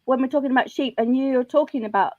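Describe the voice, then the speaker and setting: A woman's voice: sits high, fast, darkish tone, dry recording, dull audio. Chatty woman hosting a maths lesson. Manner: chatty, thinking aloud with restarts. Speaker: host of online maths lesson. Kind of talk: live online chat.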